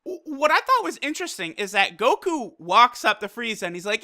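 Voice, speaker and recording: An excitable anime reviewer talking casually, swearing often and padding sentences with fillers. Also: medium pitch, fairly quick, hardly any pauses. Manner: excitable and profane, with loose fillers.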